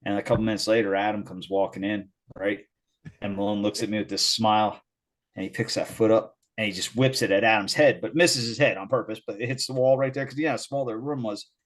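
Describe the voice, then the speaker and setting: A man's voice: fairly low pitch, fairly even intonation, quick pace. A man co-hosting a podcast, telling a crude story in casual chat, laughing often and acting out the quotes. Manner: laughing, profane, acts out quotes. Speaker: podcast co-host.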